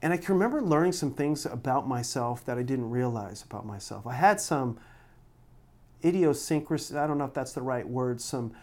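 A man's voice: medium pitch, animated, fairly quick, a little mellow. A middle-aged man, a pastor preaching a sermon, telling personal stories in an earnest, emotional way with frequent restarts.

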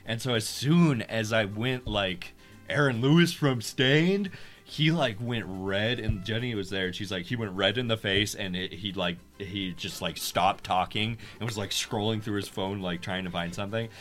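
A young man on a podcast, telling a story in loose, casual chat. He swears freely and his voice climbs to near shouting when he gets worked up, then drops back to a mutter. Faint music sits underneath. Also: fairly low pitch, moderate pace, hardly any pauses. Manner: animated storytelling, swears a lot, gets loud and heated. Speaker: podcast co-host.

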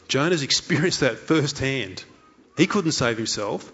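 A man's voice: mid-range voice, lively intonation, moderate pace, a bit bright, breathy edge, dull audio. A man preaching a sermon in an earnest way, asking many rhetorical questions and voicing the thoughts of a story figure. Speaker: pastor.

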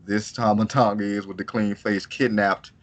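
A man's voice: fairly low pitch, little pitch movement, normal speed. A man co-hosting a casual wrestling chat, rambling loosely and laughing as he talks. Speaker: podcast co-host.

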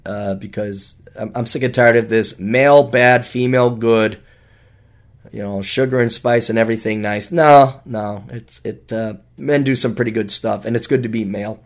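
A middle-aged man hosting a solo podcast, talking in a sarcastic, rambling way with big jumps in pitch for emphasis. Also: fairly even intonation, normal speed. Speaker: podcast host.

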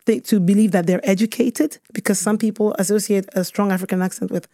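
A woman from Cameroon answers questions about her research in a mellow, soft-edged voice. She thinks aloud, with frequent fillers and self-corrections. The sound is close and dry. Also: mid-range voice, fairly even intonation, fast, dry recording. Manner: thoughtful, with frequent fillers and restarts. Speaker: researcher guest. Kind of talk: interview answers.

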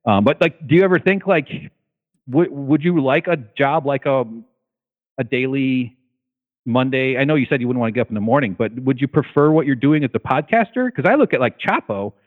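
Halting man on a tinny line. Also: medium pitch, expressive. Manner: halting, hesitant, many restarts. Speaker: interviewer, host of own show. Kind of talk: casual chat. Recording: phone-like line.

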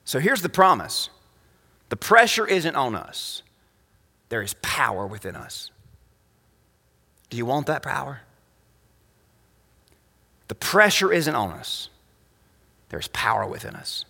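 A man preaching a sermon as pastor, emphatic, swinging between loud high phrases and quiet low ones. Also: very animated, slow pace, creaky, long pauses, husky. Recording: long reverb of a hall.

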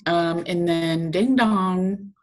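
A woman co-hosting a relaxed podcast over a video call. She is chatty and laughs easily, and her voice sits a little low for a woman. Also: very slow. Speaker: podcast co-host. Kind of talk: casual chat.

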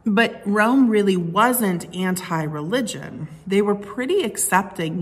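A woman pastor gives a sermon in a relaxed, conversational tone. Her voice sits a little low, and she speaks at an unhurried pace. She often pauses on fillers and restarts her sentences as she explains.

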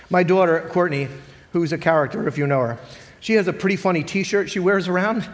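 A man's voice: sits high, fairly quick. A man preaching a sermon as a pastor, earnest and conversational, asking his listeners rhetorical questions. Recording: long reverb of a large hall.

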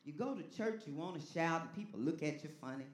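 A pastor preaching a sermon with call-and-response, dropping to a hush and then rising to a shout. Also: medium pitch, lively intonation, quick pace, echoey room.

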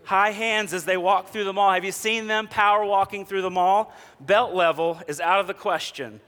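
High-voiced man preaching in a reverberant hall. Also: fairly even intonation, moderate pace, fairly bright tone. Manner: humorous storytelling, acts out quoted characters. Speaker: pastor. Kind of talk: sermon.

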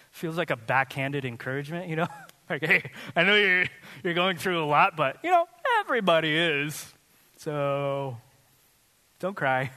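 A man's voice: fairly high pitch, bright, forceful tone. A male pastor giving a sermon in a conversational, joking way, laughing often. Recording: reverberant hall.

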